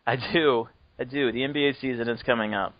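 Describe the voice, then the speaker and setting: A man's voice: medium pitch, steady tone, brisk, dry recording. A man hosts a podcast in easygoing, rambling chat, cracking jokes and laughing now and then. His voice sits in a middle register. The sound is dry and close, with a dull, lo-fi call quality. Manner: joking, rambling, laughs often. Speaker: podcast host. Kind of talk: casual chat.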